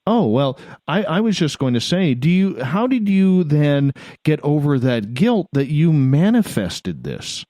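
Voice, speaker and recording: A man hosting a late-night talk radio interview, asking his guest questions in a measured, polite way. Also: fairly high pitch, big pitch swings, dark tone, no echo, clean studio sound. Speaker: radio host.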